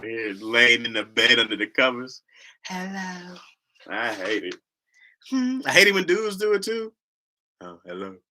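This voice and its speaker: A man tells funny stories with a very bright, sharp voice that swoops up and down. He mimics people loudly, laughs often and keeps the chat loose and casual. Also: medium pitch, moderate pace. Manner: animated, loud mocking voices with lots of laughter. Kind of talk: casual comedic storytelling.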